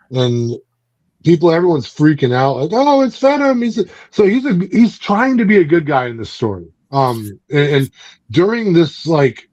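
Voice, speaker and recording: A man's voice: on the high side, a little mellow, no room sound, muffled recording. A man hosting a book club, casually recapping a comic book in a rambling way with lots of fillers. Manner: rambling, loose, many fillers.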